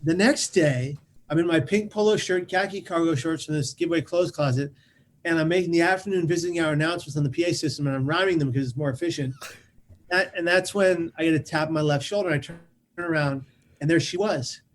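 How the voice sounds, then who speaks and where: A man tells a personal story as a podcast guest in an animated way. His voice is fairly high, and he often repeats words as he rushes ahead. Faint noise sits under the recording. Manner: lively, repeats words while rushing on.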